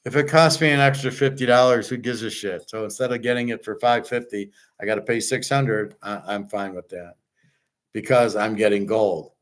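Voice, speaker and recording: A man's voice: on the low side, moderate pace. A man hosting his own show, ranting bluntly about money and gold in a scornful, rambling way, with swearing and restarts. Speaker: host. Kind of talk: unscripted rant on gold and economics.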